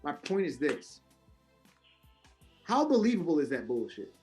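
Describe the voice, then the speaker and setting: A man co-hosting a casual wrestling podcast, ranting in an animated, profane way, swinging from loud high outbursts to low mutters. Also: a little slow, faint music behind. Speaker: podcast co-host.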